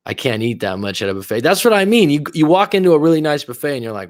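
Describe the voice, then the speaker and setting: A man's voice: medium pitch, lively intonation, rapid-fire, few pauses, no echo, clean studio sound. A man coaching on a livestream, chatting casually and swearing freely as he reacts to viewer comments. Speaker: life coach hosting a livestream.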